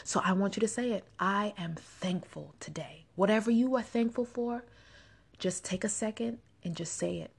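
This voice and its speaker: A woman hosting a podcast, leading listeners through guided affirmations in a slow, deliberate, encouraging way, often dropping to a soft whisper. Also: medium pitch, vocal fry, husky. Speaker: podcast host.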